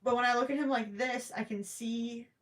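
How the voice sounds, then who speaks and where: A woman with a higher-pitched voice hosts a relaxed crochet live stream, chatting to viewers as she works. She thinks out loud and stumbles into quick restarts. Her voice is cracking from hours of talking. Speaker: crochet livestream host. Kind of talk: casual live chat while crocheting.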